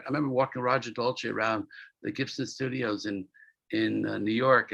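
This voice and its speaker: A man's voice: mid-range voice, gravelly, sharp tone, slightly rough, no echo, muffled recording. A man being interviewed as an entertainment producer, talking casually and telling rambling stories with repeated words and acted-out quotes.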